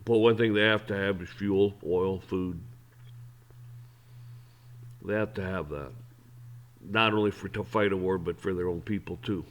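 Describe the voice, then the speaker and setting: A man's voice: sits low, fairly even intonation, a little slow, pauses often. A man hosting an opinion show, ranting in a blunt, heated, profane way. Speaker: host. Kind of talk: opinion rant.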